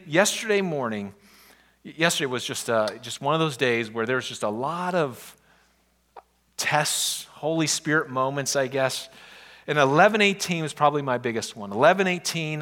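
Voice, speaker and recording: A man pastor preaching a sermon in a conversational, storytelling way. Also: a little high. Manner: conversational preaching with animated, exasperated retellings.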